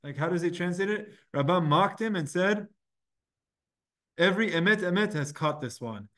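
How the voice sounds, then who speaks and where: A man teaches a Talmud class in a high-pitched, animated voice at normal speed, with a fairly bright tone. He explains step by step in a casual, conversational way with students, posing his own questions and then answering them.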